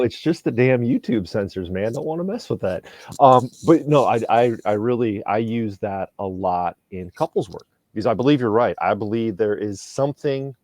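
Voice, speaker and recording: A man co-hosting a podcast as a couples therapist, talking in an animated, joking way with quick asides. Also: fairly low pitch, dry recording. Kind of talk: casual podcast conversation.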